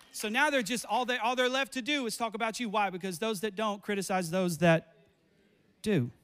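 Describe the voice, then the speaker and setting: A man preaching a fiery sermon, repeating lines and building up to shouts. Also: sits high.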